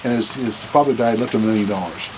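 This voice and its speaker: A man's voice: fairly low pitch, fast talker, background noise. A man giving blunt dating advice in a casual monologue to camera, rambling, restarting sentences and repeating words.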